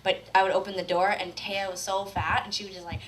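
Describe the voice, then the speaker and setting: A woman's voice: medium pitch, flat delivery, quick pace, roomy sound, recorded from a distance, low-quality recording. A woman musician chatting casually, telling rambling and playful stories with acted-out quotes. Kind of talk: casual chat and stage banter.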